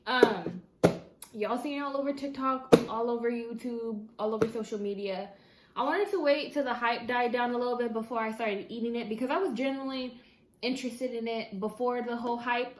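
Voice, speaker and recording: A woman's voice: fairly high pitch, echoey room. A woman chatting casually to camera as a mukbang vlogger at her dining table, rambling with fillers and correcting herself.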